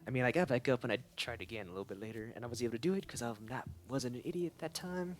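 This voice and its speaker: A man's voice: mid-range voice, very fast. A young man chatting casually while streaming a video game, rambling and often correcting himself mid-sentence. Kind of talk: casual livestream commentary.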